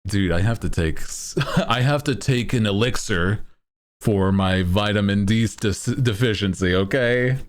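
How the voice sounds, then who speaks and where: A man's voice: on the low side, measured pace. A man streaming and chatting casually with his viewers in a playful, self-mocking way, laughing often. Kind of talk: casual chat.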